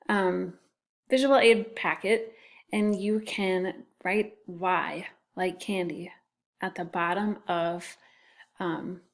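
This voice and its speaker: A woman teaching a phonics lesson to young children, patiently sounding out and spelling words. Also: mid-range voice. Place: classroom.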